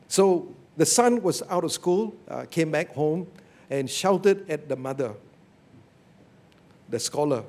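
Guy preaching a sermon, high voice that swings all over, storytelling, keeps saying "okay?". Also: takes it slowly, long pauses. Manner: animated storytelling, asks "okay?" and "you see" often. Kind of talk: sermon on a Bible passage.

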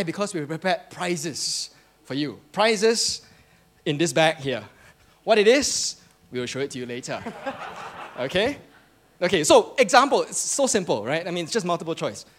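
Playful high-voiced church quiz host. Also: male voice, a bit bright. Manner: playful, teasing, chuckles between lines. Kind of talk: reading scripture then hosting a lively quiz. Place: church sanctuary.

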